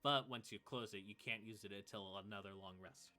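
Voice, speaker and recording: A man's voice: on the low side, brisk, sharp tone, soft background music. A man acting as game master, casually explaining rules with fillers. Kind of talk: narrating a tabletop game.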